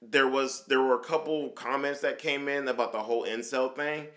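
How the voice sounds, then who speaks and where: A man's voice: medium pitch, steady tone, moderate pace, a bit bright. A man co-hosting a casual chat podcast, rambling with many restarts and fillers. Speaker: podcast co-host.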